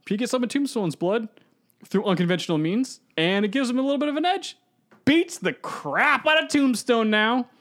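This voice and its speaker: Excitable high-voiced man rambling. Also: normal speed. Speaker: podcast co-host. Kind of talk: casual chat.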